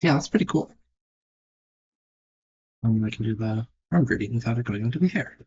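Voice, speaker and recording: Husky, mellow man muttering as he draws. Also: medium pitch, normal speed, dull audio. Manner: muttered, self-critical thinking aloud. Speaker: digital artist. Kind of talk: casual narration while drawing.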